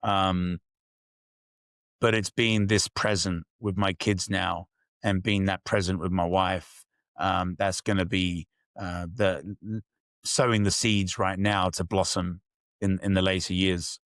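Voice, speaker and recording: Man, deep voice, dry close sound, candid, reflective. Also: level tone, slow, fairly bright tone, dry recording. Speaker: podcast guest. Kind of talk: casual interview storytelling.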